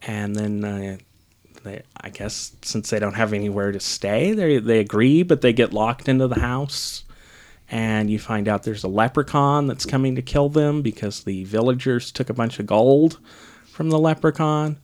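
A man's voice: mid-range voice, normal speed, darkish tone. A man on a casual podcast, recapping a film in a sarcastic, rambling way with lots of ums. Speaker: podcast co-host reviewing a film. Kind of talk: casual chat.

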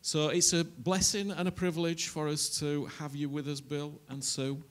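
A man's voice: on the high side, little pitch movement, normal speed. A man, a pastor who welcomes visiting guests to his church in a rambling way full of fillers. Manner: warm, rambling, hesitant with fillers.

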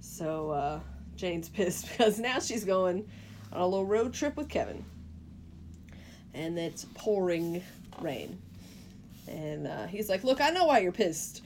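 A woman's voice: lowish voice, lively intonation, takes it slowly, long pauses, a little mellow, a little hiss or hum. A woman co-hosting a podcast, retelling a film's plot in casual chat and acting out the characters' quoted lines. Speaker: podcast co-host. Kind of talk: casual movie recap.

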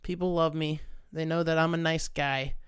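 Male host, loose and profane comic storyteller; smooth tone, close dry mic. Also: a little high, moderate pace, no room sound. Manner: profane, rambling, animated. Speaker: podcast host. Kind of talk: casual comedic storytelling monologue.

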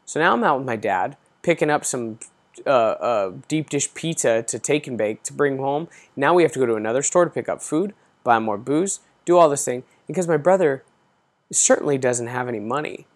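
A man's voice: medium pitch, expressive, moderate pace. A man in his thirties hosting a podcast, telling an exasperated story in a casual, profane ranting way. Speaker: podcast host.

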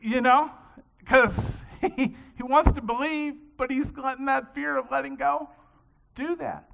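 Bright-voiced preacher. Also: male voice, extremely high pitch, fairly even intonation, unhurried, creaky. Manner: conversational storytelling. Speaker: pastor. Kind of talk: sermon. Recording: dull lo-fi sound.

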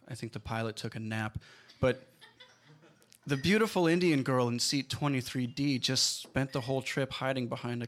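A man's voice: medium pitch, fairly bright tone. A man narrating a personal story at a live storytelling show, in a wry, self-deprecating way.

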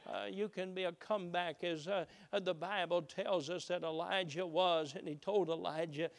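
A man preaching a sermon, shifting between loud emphatic peaks and hushed low passages. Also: steady tone, moderate pace. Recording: reverberant hall.

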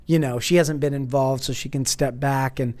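A man's voice: mid-range voice, fairly even intonation, normal speed, a little mellow. A man in casual chat, telling a long story with many restarts and false starts.

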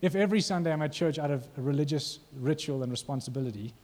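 Warm, husky-voiced male preacher. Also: a little high, fast talker. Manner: conversational, asks the congregation questions. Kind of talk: sermon.

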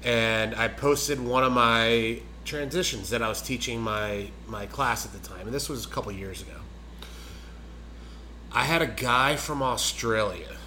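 A man's voice: medium pitch, pushed and bright, a little hiss or hum, poor audio. A man who teaches jiu-jitsu, telling a story in casual chat and earnestly explaining his approach.

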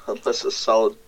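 A man playing a tabletop game, relaxed, describing his character's actions in third person over a voice call. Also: slight background noise, poor audio. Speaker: player. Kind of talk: casual tabletop play. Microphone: home mic on a voice call.

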